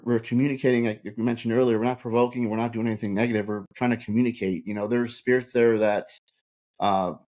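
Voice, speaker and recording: A man, a paranormal investigator guest on a podcast, telling stories in an animated way with many repeated words. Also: lowish voice. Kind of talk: casual podcast conversation.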